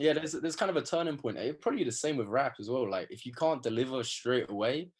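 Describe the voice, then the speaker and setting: A young man from England, telling animated stories with lots of slang in a casual interview. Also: medium pitch, fast talker, slightly rough. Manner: animated storytelling, slangy, acts out quotes. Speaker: guest.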